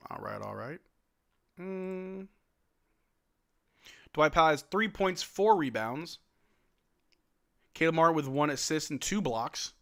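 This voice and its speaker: A man calling a game on a casual livestream, his voice bright and forceful and sitting a little high. He runs the play-by-play, reads chat questions aloud and answers them, and breaks into loud outbursts at big plays. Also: lively intonation, slow, creaky, pauses often. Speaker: livestream host doing play-by-play. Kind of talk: casual watch-along commentary.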